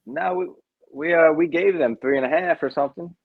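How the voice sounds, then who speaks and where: A man co-hosts a podcast, chatting casually with his friend about sports in a relaxed, matter-of-fact way. His voice is on the high side and brisk, with vocal fry and a breathy edge. The audio is narrow and tinny with no room sound.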